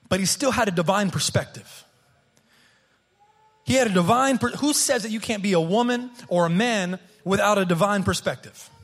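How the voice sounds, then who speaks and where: A man's voice: high-pitched, fairly bright tone. A man in his thirties, a pastor preaching a sermon in an earnest way, often repeating words as he restarts a phrase. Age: 30s.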